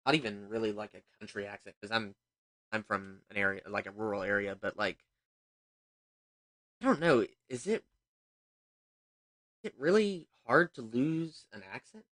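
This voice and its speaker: A man's voice: on the low side, normal speed, pauses often, fairly bright tone, no echo. A man from the United States chatting casually while streaming a game, rambling and thinking aloud. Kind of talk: casual gaming livestream chat.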